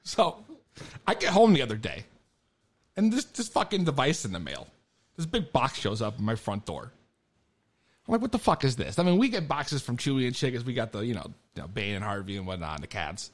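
Animated, expressive man telling a story. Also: medium pitch, a little fast. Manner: animated storytelling, laughing and swearing. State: laughing through a coughing strain. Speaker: podcast host. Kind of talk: casual podcast chat.

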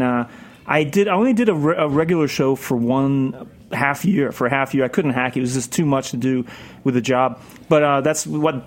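A man in a radio studio, rambling through anecdotes in casual chat and laughing often. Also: mid-range voice. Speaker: podcast host and guest.

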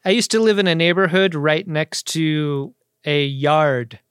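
A man's voice: on the high side, fairly even intonation, measured pace, a bit bright, clean tone, no room sound. A man co-hosting a podcast, recapping a TV episode in casual comedic chat with a dry, joking manner. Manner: dry, joking, puts on voices for characters. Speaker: podcast co-host.

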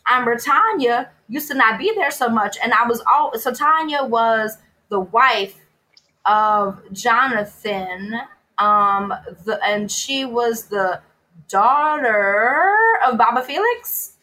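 A woman from New Orleans, a podcast guest, telling stories in an animated way and mimicking other people's voices. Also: fairly high pitch, slow, poor audio. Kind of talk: casual storytelling chat.

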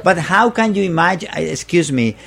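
Male guest, English not his first language, slightly high voice, halting casual delivery. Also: animated, gravelly, fairly bright tone. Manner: halting, repeats words while searching for English. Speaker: guest artist. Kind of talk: casual interview chat.

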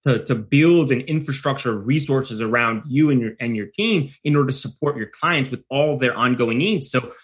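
A man's voice: medium pitch, normal speed, few pauses. A man hosting a podcast, asking long, winding interview questions full of hedges. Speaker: podcast host.

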